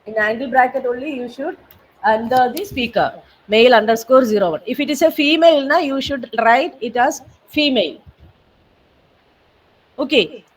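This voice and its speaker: A woman walks trainees through a program step by step on a video call. Her voice sits a little high and patient, pausing on fillers as she repeats the steps. The sound comes from a distant laptop mic. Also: husky. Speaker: software trainer. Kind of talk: online training session walkthrough.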